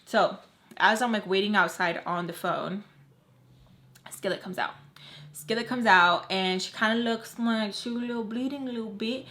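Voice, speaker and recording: A beauty vlogger with a bright, forceful, mid-range voice tells a personal story at a moderate pace while doing her makeup. She's casual and blunt, swears freely, and acts out what people said.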